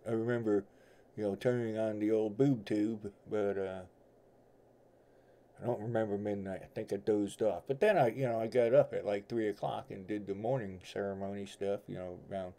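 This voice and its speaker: Warm and low-side, with vocal fry and fairly even intonation, a middle-aged man's voice runs at a moderate pace. He's a tarot reader hosting a home livestream, rambling folksily in casual viewer chat with a New York–Southern blended accent.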